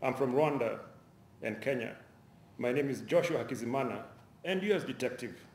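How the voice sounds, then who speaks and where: A man voicing a composed, aloof male professor in a read-aloud story, speaking calm, clipped, broken English. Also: medium pitch, moderate pace, natural voice. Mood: dismissive. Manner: calm, dismissive. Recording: roomy lecture hall echo.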